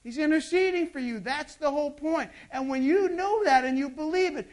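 A pastor delivering a sermon, moving from loud emphatic bursts to hushed intimate asides and asking the congregation rhetorical questions. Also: high voice, lively intonation, a little fast, few pauses.

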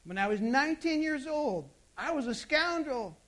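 Preacher swinging from loud to hushed. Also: high voice, lively intonation, normal speed, few pauses. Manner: swings between loud emphatic bursts and hushed intimate asides; peppers talk with rhetorical questions to the congregation. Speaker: pastor. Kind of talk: sermon.

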